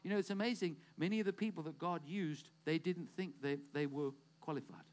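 A man preaching a sermon, retelling scripture with animated storytelling and acted-out dialogue. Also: a little high, brisk, slight background noise. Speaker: pastor.

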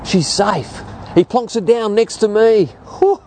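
In an unhurried voice with a faint hiss or hum behind it, this Australian preacher in his fifties uses stories to make his point. His delivery is animated, with lively shifts up and down in pitch.

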